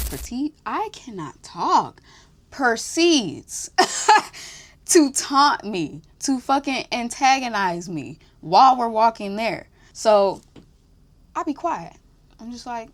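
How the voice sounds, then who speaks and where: A young woman with a somewhat high voice tells a story on her own podcast. She is animated and blunt, swears freely and slips into laughter as she talks. The delivery is loose casual chat. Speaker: podcast host.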